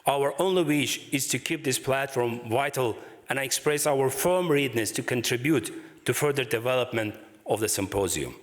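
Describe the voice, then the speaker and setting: A man's voice: mid-range voice, normal speed, few pauses. Man speaking formally in a reverberant hall. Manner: formal and grateful. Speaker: conference speaker. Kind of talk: formal thank-you speech.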